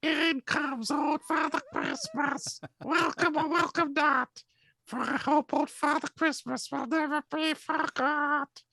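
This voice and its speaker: High gravelly Father Christmas. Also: fairly even intonation, pushed and bright, exaggerated voice. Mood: kindly. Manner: kind, friendly, slow delivery. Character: kindly jolly old Father Christmas, male. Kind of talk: comic folk play reading.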